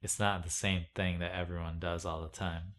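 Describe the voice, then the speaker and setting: A man's voice: deep voice, little pitch movement, moderate pace, a bit bright. A young man rambling in a casual monologue, meandering and self-mocking, full of "like"s. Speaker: video blogger.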